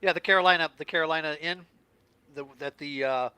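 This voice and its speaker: A man in casual group chat who talks quickly and trails off mid-sentence. His voice sits a bit on the high side. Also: sharp tone, smooth.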